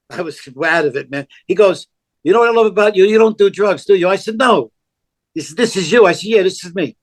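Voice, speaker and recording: Older New man with a high voice. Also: a little fast. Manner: animated, acts out quoted dialogue, blunt and profane. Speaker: podcast guest. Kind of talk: casual storytelling.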